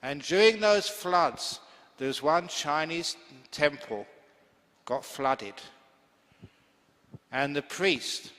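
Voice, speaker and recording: A man's voice: a little high, animated, slow, pauses often, a bit bright. A man, a Buddhist monk teacher, giving a humorous, chatty dharma talk full of stories. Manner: humorous, chatty, laughing easily. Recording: long hall reverb.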